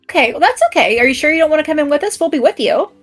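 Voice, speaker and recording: Female player, gentle reassuring tone, slightly high voice. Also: racing, soft background music. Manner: calm, soothing, gentle. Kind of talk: in-character tabletop play.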